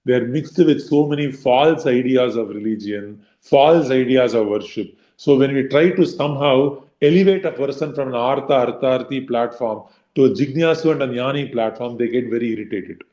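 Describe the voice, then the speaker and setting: A man's voice: medium pitch, moderate pace, hardly any pauses, mellow. A man giving a devotional scripture lecture in a conversational way, acting out inner voices with many fillers. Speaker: devotional speaker. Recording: roomy, slightly dull recording.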